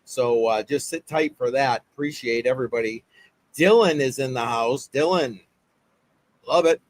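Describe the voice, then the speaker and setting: Casual male livestream host, chatty and upbeat, lots of "uh"s, mid-pitched. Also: moderate pace, dry recording. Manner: rambling, upbeat shout-outs with many fillers.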